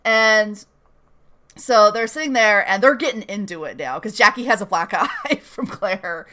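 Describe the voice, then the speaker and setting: A woman's voice: medium pitch, lively intonation, a little slow, sharp tone. A young woman hosting a podcast, chatting casually and animatedly while recapping a TV episode and acting out its scenes. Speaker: podcast host.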